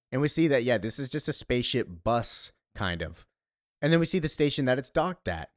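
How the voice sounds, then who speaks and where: A man's voice: lowish voice, dry recording, clean studio sound. A man giving chatty, loose commentary on a comic he reads along, with fillers and asides. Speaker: comic book reviewer.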